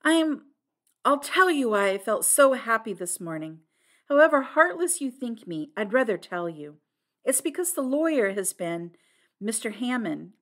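A woman voicing an impulsive, emotional young woman who speaks in high, eager outbursts in a storybook reading. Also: very animated, measured pace. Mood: excited.

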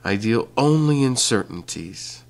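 A man voicing a sly young vampire villain who is the hero's uncle, talking in a silky, calm, gloating way. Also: medium pitch, a little slow, faint music behind, voice pushed up.

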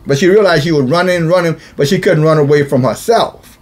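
Male preacher, raised pitch, husky edge; blunt rebuking sermon that hammers phrases again and again. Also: fairly quick. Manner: blunt, scolding, repeats phrases for emphasis. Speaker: self-styled watchman preacher.

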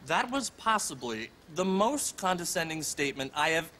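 An actor playing a snobbish, condescending man at a kids' ballgame, speaking in a pompous, drawn-out way. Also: fairly high pitch, big pitch swings, sharp tone. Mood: smug. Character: snobbish condescending male sports parent. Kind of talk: sketch comedy acting. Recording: noisy crowd at ballgame.

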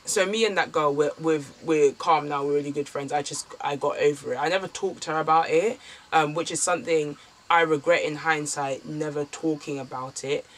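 A woman's voice: low-pitched, steady tone, normal speed. A young woman casually telling a personal story for her vlog, candid and chatty with lots of filler words. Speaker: vlogger.

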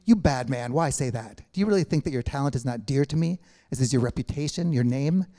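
An eager young woman who presses her friend with question after question, read by a man. The voice sits on the darker, mellow side. The delivery is insistent and heartfelt. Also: mid-range voice, expressive, fairly quick, lightly acted. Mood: pleading.

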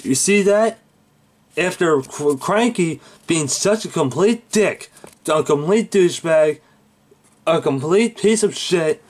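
Ranting, high-voiced male reviewer. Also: animated, slow pace. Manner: ranting, swearing, exasperated. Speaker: show reviewer. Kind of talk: angry video review rant.

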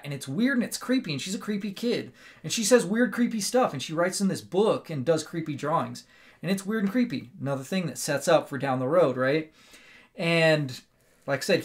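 A man on a casual podcast, retelling a film in an animated, rambling way, full of "like" and "right?". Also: mid-range voice. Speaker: podcast co-host.

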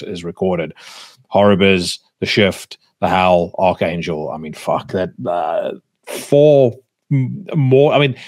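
Male podcast host, low-ish voice, dry sound, enthusiastic and profane. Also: no room sound. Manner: enthusiastic, swearing freely. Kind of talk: casual podcast chat.

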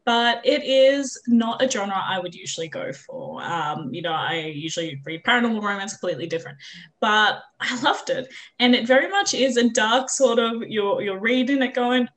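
A woman's voice: on the high side, expressive, normal speed, fairly bright tone. A woman hosting an interview, enthusiastic and informal, hedging as she asks her questions. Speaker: interview host. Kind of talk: casual interview conversation.

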